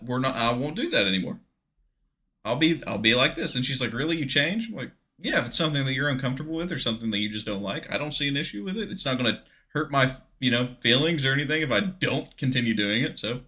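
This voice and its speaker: A man co-hosting a casual gaming podcast, talking candidly and swearing as he tells stories about dating. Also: mid-range voice. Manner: candid, swearing, animated storytelling. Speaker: streamer co-host.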